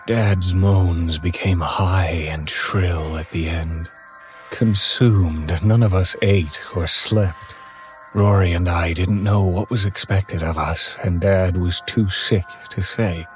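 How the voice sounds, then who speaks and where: Man, horror story narration, very deep voice, slow unhurried pace, somber. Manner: measured, somber telling.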